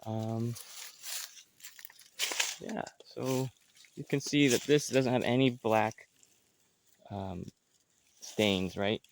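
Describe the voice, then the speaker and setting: A man's voice: medium pitch, steady tone, very slow, creaky, long pauses, noisy background. A man giving a casual outdoor tour of his farm, talking loosely with many fillers and restarts. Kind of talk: casual walking tour narration.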